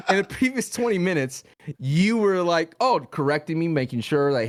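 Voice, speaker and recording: Animated joking man, lively pitch. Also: normal speed. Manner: animated, joking, laughs often, exaggerated comic outbursts. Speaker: podcast co-host. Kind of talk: casual wrestling podcast banter.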